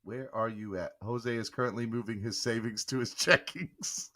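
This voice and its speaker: A man's voice: mid-range voice, steady tone, normal speed, pushed and bright. A young man hosting a casual live-stream sports show, playfully coaxing a guest and laughing often. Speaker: podcast host.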